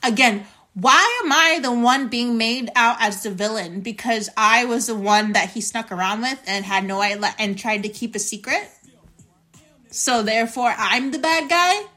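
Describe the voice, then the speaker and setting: A young woman with a bright, ringing voice that sits a little high, telling a story on her podcast. She talks bluntly and indignantly and swears freely. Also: moderate pace, faint music behind. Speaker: podcast host.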